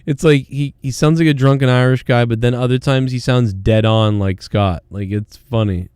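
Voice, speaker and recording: A man's voice: mid-range voice, steady tone, moderate pace, darkish tone, clean tone, no echo, clean studio sound. A man hosting a podcast, chatting loosely with lots of swearing and laughing. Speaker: podcast host. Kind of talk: casual podcast banter.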